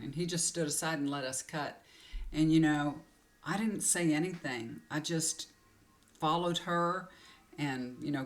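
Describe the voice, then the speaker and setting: A woman tarot reader telling a personal story to camera in a confiding, emotional way, rambling with many fillers, close to tears. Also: sits low. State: tearful.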